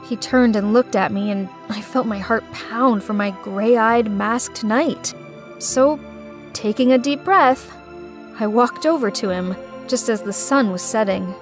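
A woman narrates an animated story in the first person, in an earnest storytelling manner. Her voice is fairly high, and faint music sits underneath. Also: a little slow.

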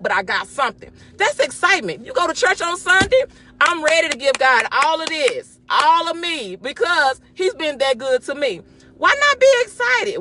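A woman hosting a casual devotional talk, speaking with excitement and emphatic repetition. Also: high-pitched, slight background noise. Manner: excited, emphatic, with repeated phrases.

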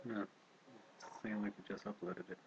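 A man's voice: on the low side, sing-song, measured pace, creaky, breathy edge. A man co-hosting a let's play, trading crude, jokey banter in casual gaming chat. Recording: slightly dull lo-fi audio.

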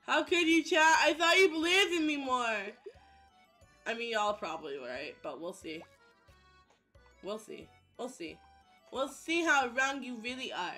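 A young woman streaming a game in loose, swear-heavy chat with her viewers. Her voice sits high and she talks in slow, drawn-out stretches before breaking into loud outbursts. Faint music plays in the background. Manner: excitable, loud outbursts, swears a lot, sound-effect chanting. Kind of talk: casual gameplay commentary to chat.

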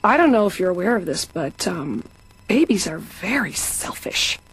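A woman's voice: on the low side, big pitch swings, moderate pace, husky. A woman comedian playing a patient, talking in a rambling, whiny, melodramatic way. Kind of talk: stand-up comedy in a cartoon.

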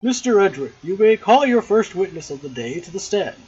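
A woman's voice: big pitch swings, dark tone, slightly rough, lo-fi sound. A woman putting on a stern old judge voice. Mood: solemn. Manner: deliberate, lowered judge voice. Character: stern older male judge.

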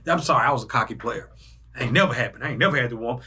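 A young man hosting a casual sports reaction video, animated and breaking into loud bursts as he talks to himself. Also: mid-range voice, rapid-fire, a little hiss or hum. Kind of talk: excited casual reaction commentary.

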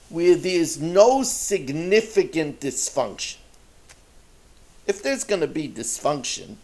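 A man, a rabbi, telling a story in a sermon, with lively storytelling and dramatic voices. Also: fairly high pitch.

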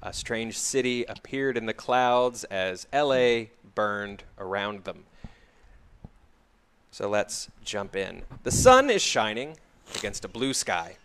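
A man narrating a tabletop game as game master, relaxed and full of fillers. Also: lowish voice, slow pace, clear, resonant tone.

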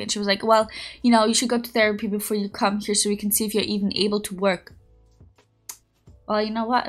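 A young woman streaming, chatting casually and rambling through a story, with high squeals when she greets viewers. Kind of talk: casual chat.

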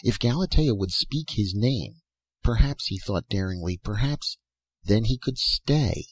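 A man narrates a story aloud in a measured, steady manner, his voice lowish and a little husky. The recording is dry and close, with no room sound. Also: no echo. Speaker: audiobook narrator. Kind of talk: scripted narration.

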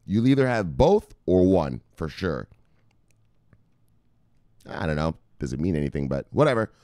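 A man's voice: low voice, big pitch swings, moderate pace, dark tone, dry recording, studio quality. Rambling, profane male crypto vlogger. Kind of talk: casual chat to viewers.

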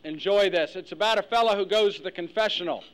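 A man's voice: high voice, fast, a bit bright, poor audio. A man giving a humorous speech, telling jokes to a luncheon audience and acting out characters. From United States. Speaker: after-dinner speaker. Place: luncheon hall with live audience.

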